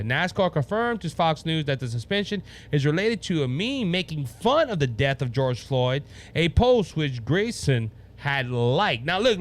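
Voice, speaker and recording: A man from Louisiana with a Cajun accent hosting a casual political talk show, rambling and restarting his sentences as he talks. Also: on the high side. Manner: rambling, stumbles over words and restarts, laughs at himself. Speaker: podcast host.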